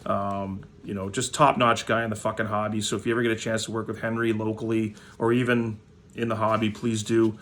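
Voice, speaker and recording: A man's voice: fairly low pitch, level tone, fairly quick, fairly bright tone. A man from Manitoba, Canada, hosting a hockey card vlog in a blunt, profane, rambling rant full of fillers.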